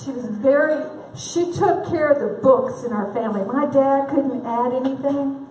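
A woman with a high, slightly mellow voice speaks at normal speed, picked up by a distant mic in a large event hall with slight background noise. At a conference, she gives a humorous faith talk that's candid and self-deprecating, laughing often.

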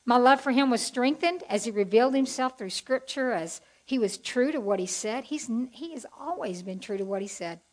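A woman's voice: on the high side, lively intonation, moderate pace, hardly any pauses, poor audio. A woman giving a chatty, heartfelt testimony as a Bible teacher to a group. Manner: folksy, chatty and heartfelt, with asides to the audience.

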